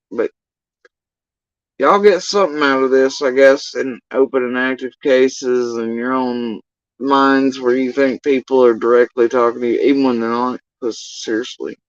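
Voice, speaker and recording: A man's voice: medium pitch, no echo, muffled recording. A man ranting on a livestream in an exasperated, profane, rambling way. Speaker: livestream commentator.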